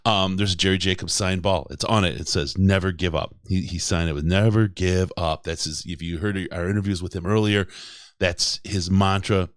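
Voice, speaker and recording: A man's voice: low-pitched, dry recording, studio quality. A man hosting a casual sports podcast, rambling and joking and laughing often. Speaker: podcast host.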